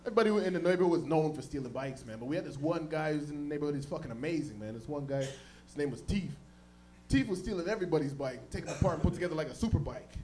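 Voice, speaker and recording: Performing stand-up on a club stage, a man from the Toronto area, Canada, tells stories loudly and at a rapid-fire clip. His delivery is animated, and he jumps into high-pitched voices for the other characters.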